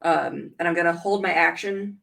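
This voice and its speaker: A woman playing a tabletop game, speaking hesitantly and softly. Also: lowish voice, moderate pace, vocal fry, recorded from a distance. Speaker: player. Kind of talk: casual tabletop game play.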